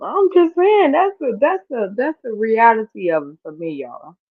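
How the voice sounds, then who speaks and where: A woman vlogger chatting casually as she reacts to clips, expressive and quick to laugh. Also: a little high, no room sound. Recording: tinny, phone-like dry sound.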